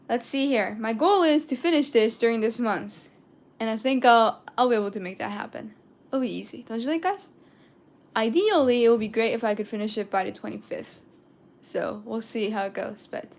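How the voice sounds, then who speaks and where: Young female streamer, slightly high pitch, relaxed live-chat delivery, thinks aloud while drawing. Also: slight background noise. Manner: chatty, thinking aloud, switching between languages. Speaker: live-stream artist host.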